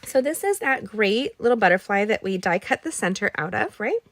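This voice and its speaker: A woman hosting a live card-making tutorial, chatting warmly with her viewers and reading their comments as she works. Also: medium pitch, sing-song, fairly quick. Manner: bubbly, talks to viewers directly, reads out chat; gets emotional when talking about a late friend. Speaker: card-making instructor and live-stream host.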